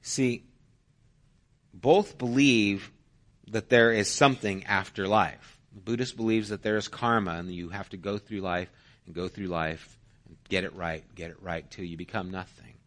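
A man's voice: lowish voice, fairly even intonation, normal speed, fairly bright tone. A male pastor preaching a sermon in an earnest, conversational way, using everyday stories.

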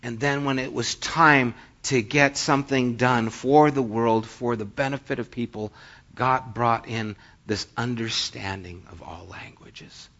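Reading from scripture and cracking jokes, an American pastor keeps his sermon conversational. His voice sits in the mid-range with fairly even intonation, an unhurried delivery and a fairly bright tone. It's captured on a dull lo-fi recording.

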